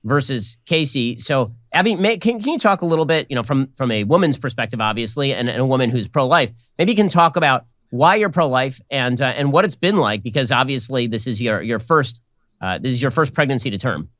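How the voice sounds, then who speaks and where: A man hosting an interview, speaking in a measured way with filler uhs as he sets up questions for his guest. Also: mid-range voice, expressive, a bit bright, no echo, studio quality. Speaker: podcast host.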